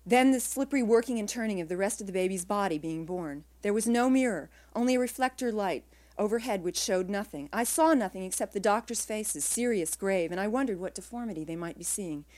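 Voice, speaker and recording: A woman's voice: medium pitch, fairly quick, hardly any pauses, darkish tone. Woman author reading first-person prose. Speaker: author reading her work. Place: live reading event.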